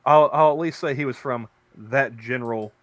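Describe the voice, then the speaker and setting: At a normal speed, this man speaks with a medium-pitched, slightly bright voice. A podcast co-host who also works at a convenience store, he rambles through stories in a casual chat, restarting often.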